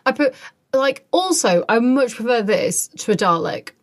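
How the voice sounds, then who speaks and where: A woman's voice: a little high, very animated, a little slow. A woman co-hosts a casual podcast chat. She is talkative and fills her sentences with likes and restarts. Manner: chatty, lots of fillers and restarts. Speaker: podcast co-host.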